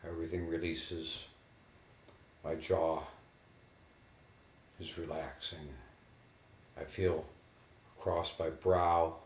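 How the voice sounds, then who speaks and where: A man in a guided imagery therapy session, slowly and haltingly describing what he feels in his body. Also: very deep voice, roomy sound, a little hiss or hum. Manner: slow, halting, inward reporting of body sensations. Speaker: therapy client.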